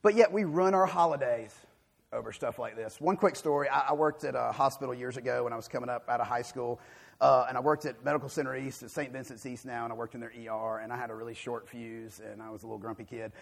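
A man, preaching a sermon. He swings from loud, emphatic calls to quiet, low passages. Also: fairly even intonation, quick pace, creaky.

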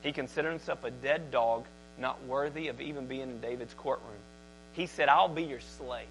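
A man preaching a sermon as pastor, shifting from conversational talk to loud, emphatic scripture reading. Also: mid-range voice, normal speed, slight background noise, rough recording.

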